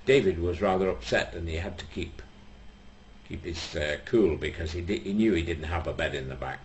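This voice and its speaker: Lowish-voiced male comedian telling jokes. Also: slight background noise. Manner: dry, unhurried storytelling with mock-solemn asides. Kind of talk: stand-up joke telling.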